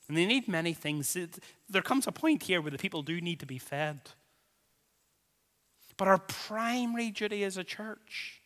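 Slow, bright-voiced preacher in a reverberant hall. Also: male voice, a little high. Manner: dramatic preaching, swells and drops in volume, repeats phrases for emphasis. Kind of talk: sermon.

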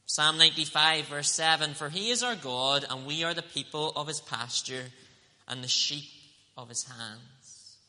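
A man preaching a sermon, earnest and emphatic, slowing down to stress scripture quotes. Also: a little high, sharp tone, in a large hall.

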